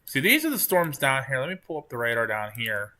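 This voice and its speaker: Man, storm-chasing livestream host, bright clear tone, casual rambling chat, at home on the couch. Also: medium pitch, fairly quick. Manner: relaxed, rambling, chatting with viewers. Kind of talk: casual live-stream commentary.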